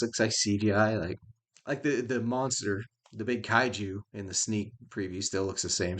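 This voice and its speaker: A middle-aged man with a drawl hosts his own vlog in a loose, unscripted way. His voice sits a little low, and he keeps circling back with fillers and half-finished restarts. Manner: rambling, conversational, with frequent fillers and self-restarts. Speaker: YouTube host. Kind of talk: casual rambling vlog.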